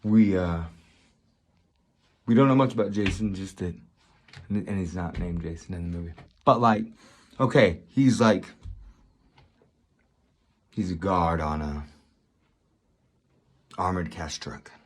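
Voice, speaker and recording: A man vlogging a casual movie review, rambling and excited, often repeating himself. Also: deep voice, slow, long pauses.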